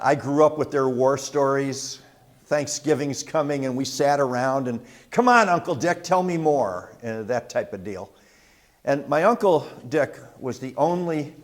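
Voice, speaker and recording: Older guy, mid pitch, chatty storyteller, lots of restarts and uh's. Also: a little mellow. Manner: conversational with frequent restarts and fillers. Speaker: host. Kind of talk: personal storytelling.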